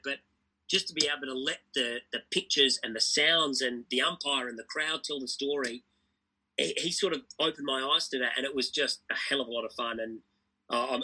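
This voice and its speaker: A man's voice: medium pitch, pushed and bright, slightly rough, poor audio. A middle-aged Australian man, a tennis commentator, chatting as a guest with enthusiastic, stop-start storytelling. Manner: enthusiastic, fast storytelling with repeated restarts. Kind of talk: casual interview chat.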